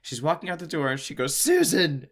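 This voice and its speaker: A man co-hosting a podcast, chatting casually about a film and retelling its scenes in an animated way with plenty of laughs. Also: a little high, quick pace. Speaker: podcast co-host. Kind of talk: casual movie-review chat.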